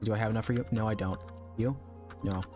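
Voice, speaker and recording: A man's voice: fairly low pitch, steady tone, fast talker, darkish tone, faint music behind. A young adult man chatting casually to his viewers during a live game stream, rambling and laughing often, his voice a little strained. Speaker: VTuber streamer.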